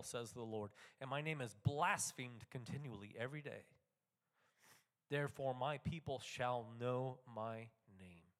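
A man preaching a sermon who reads scripture aloud and explains it in casual talk, going from quiet reading to loud, excited proclaiming. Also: mid-range voice.

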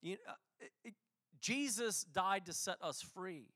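A pastor preaching a casual, conversational sermon, with restarts and quick asides. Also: male voice, sits high, lively intonation, pushed and bright.

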